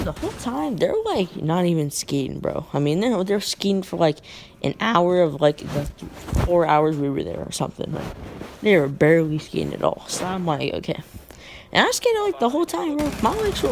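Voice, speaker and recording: A woman's voice: low-pitched, a little mellow, a little hiss or hum. A woman telling a casual storytime vlog, rambling with lots of fillers and slang.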